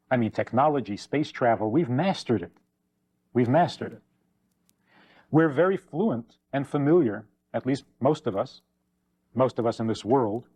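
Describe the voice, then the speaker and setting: A man giving a rabbi's lecture on faith, animated and emphatic, repeating key points. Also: medium pitch. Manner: animated, acts out anecdotes with shifting voices; emphatic repetition.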